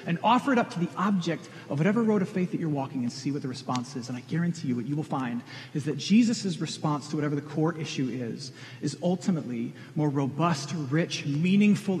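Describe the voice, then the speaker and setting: Earnest pastor preaching in a big hall. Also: male voice, fairly high pitch, a little mellow. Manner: earnest, direct questions to the congregation. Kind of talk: sermon. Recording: long reverb of a large hall.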